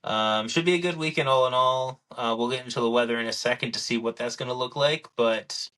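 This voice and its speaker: A man's voice: mid-range voice, brisk. A young man co-hosting a casual podcast, telling stories animatedly and acting out what people said. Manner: animated storyteller, acts out quotes. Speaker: podcast co-host. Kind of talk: casual chat.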